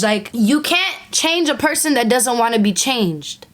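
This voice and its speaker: A woman's voice: a little high, lively intonation, measured pace, hardly any pauses. A young woman talking candidly to her phone camera, giving emphatic, repetitive self-help advice and acting out quoted voices. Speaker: content creator.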